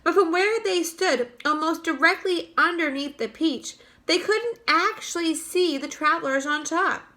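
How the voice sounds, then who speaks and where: A woman teacher reading a chapter book aloud to young children, lively and expressive. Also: extremely high pitch, measured pace, few pauses. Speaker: third-grade teacher.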